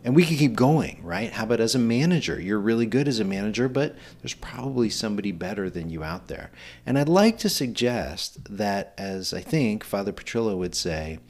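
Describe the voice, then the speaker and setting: Middle-aged male podcast host, slightly low voice, earnest encouraging delivery. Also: sing-song, normal speed, darkish tone. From Pennsylvania. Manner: earnest, encouraging, rhetorical questions. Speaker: podcast host, nonprofit executive director. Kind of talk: solo podcast monologue.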